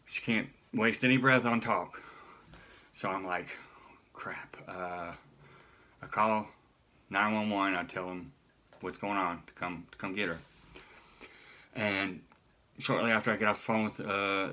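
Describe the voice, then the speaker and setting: Deep-voiced man telling a halting story. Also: pushed and bright. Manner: halting, restarts often. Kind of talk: personal storytelling.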